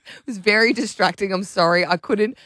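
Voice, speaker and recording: A radio co-host in a studio, teasing and giggling, cutting in with quick banter. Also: mid-range voice, pushed and bright, no echo.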